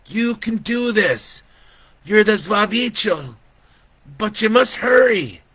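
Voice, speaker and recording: A man voicing an urgent, ghostly little boy who speaks with slow, solemn insistence. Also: sits high, animated, fairly bright tone, slightly rough, no echo, pitched above the performer's own voice, full character voice. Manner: pleading, commanding, slow and emphatic.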